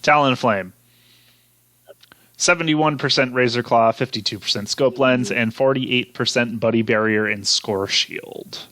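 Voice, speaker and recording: A man's voice: mid-range voice, measured pace, sharp tone, no echo. Easygoing man hosting a dry chat. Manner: easygoing, laughs off stats, frequent fillers. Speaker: host going through poll data. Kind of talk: casual chat about game data.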